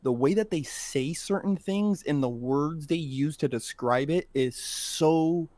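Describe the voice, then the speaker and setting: Relaxed slangy young male podcast host. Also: fairly high pitch, a little slow, dry recording. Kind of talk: casual podcast chat.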